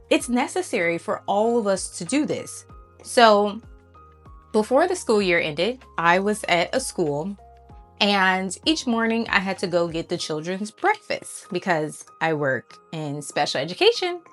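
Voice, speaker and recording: A woman vlogger talking to her viewers, telling a story in a casual, animated and encouraging way. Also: mid-range voice.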